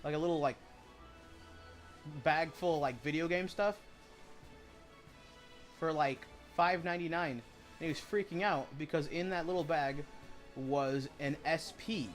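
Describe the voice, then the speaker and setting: Guy streaming a game, kinda high voice, rambles and cusses a lot, quiet game music under it. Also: measured pace, pauses often. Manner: rambling, profane, retells stories with "I'm like". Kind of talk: casual chat while live-streaming a game.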